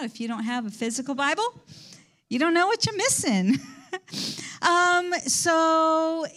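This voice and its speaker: A woman preacher giving a sermon, conversational and animated as she retells a story. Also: high-pitched.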